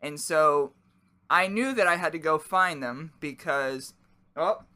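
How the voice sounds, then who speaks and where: A man's voice: a little high, slow pace, crowd noise. A man co-hosting a casual podcast, joking around and talking with his mouth full. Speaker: podcast co-host. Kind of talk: casual chat while eating.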